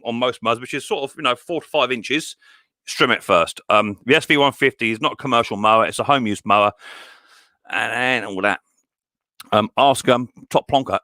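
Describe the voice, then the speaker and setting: A man's voice: mid-range voice, sharp tone, no room sound. A man hosting a live stream chat, cheerfully greeting viewers one by one and answering mower questions. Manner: chatty and upbeat, greets each viewer with "mate". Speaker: live stream host, mower repair shop owner.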